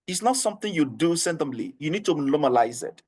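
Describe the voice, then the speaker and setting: A man with a Nigerian English accent runs an online HR training, his voice sitting a little on the high side. He coaxes and repeats himself earnestly. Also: sing-song, fast talker, darkish tone. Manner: earnest, repetitive and coaxing, with frequent laughs.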